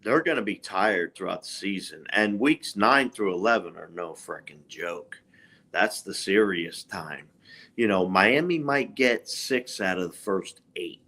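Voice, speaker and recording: A man's voice: low voice, animated, measured pace, bright, forceful tone. A man co-hosting a casual sports podcast, giving emphatic fan opinions. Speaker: podcast co-host. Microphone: live stream microphone.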